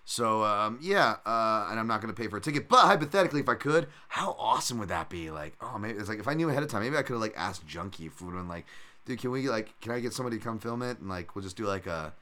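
A young man riffs through a casual solo podcast about fights, piling on fillers and restarts. His voice sits low but comes out bright and forceful. He rambles eagerly, hopping between asides. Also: quick pace. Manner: rambling, animated, lots of fillers and loud impressions. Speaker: podcast host, MMA analyst.

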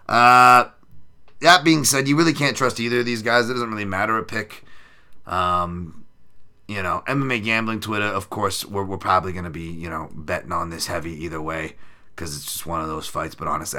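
Hosting a sports betting podcast, a man with a low, pushed, bright voice talks briskly about upcoming fights. His commentary is crude, profane, and sarcastic.

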